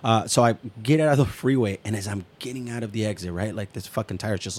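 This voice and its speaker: Podcast co-host, male, lowish voice, loose and profane, rambling storyteller. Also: fast, a little mellow. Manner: swears freely, rambling anecdotes, acts out quotes. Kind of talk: casual storytelling chat.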